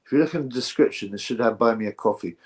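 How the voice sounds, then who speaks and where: Brief: male stream host, mid-pitched, offhand and sarcastic, chatting loosely with viewers. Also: racing, darkish tone. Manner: rambling, sarcastic, reads out chat. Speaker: livestream host. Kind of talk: casual livestream commentary.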